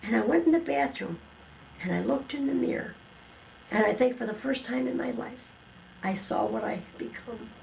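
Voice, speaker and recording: An older woman telling her personal testimony in an earnest, emotional way, with slow dramatic pauses. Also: a little high, vocal fry, darkish tone, a little hiss or hum, low-quality recording. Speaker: testimony guest.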